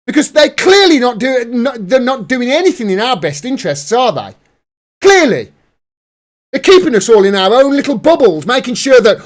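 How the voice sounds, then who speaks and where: In a very high, sing-song voice at an ordinary pace, a man runs a live political commentary stream. He's furious, cursing constantly as he rants.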